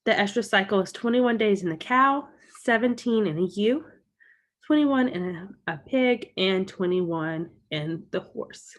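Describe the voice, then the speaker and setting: A woman's voice: medium pitch, lively intonation, measured pace. A woman explaining a topic as a college lecturer in a recorded lecture, walking through slides and recapping key points.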